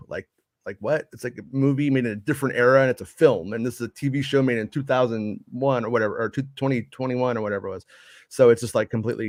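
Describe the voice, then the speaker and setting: A man's voice: medium pitch, dry recording, studio quality. A man co-hosting a casual podcast, reading viewer comments and answering in a loose, swearing, filler-heavy way. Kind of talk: casual chat.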